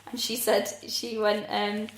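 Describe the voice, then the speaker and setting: A woman's voice: mid-range voice, little pitch movement, unhurried, echoey room. A woman co-hosting a comedy podcast, telling the story bluntly with swearing and laughter. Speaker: podcast co-host. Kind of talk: casual comedic chat.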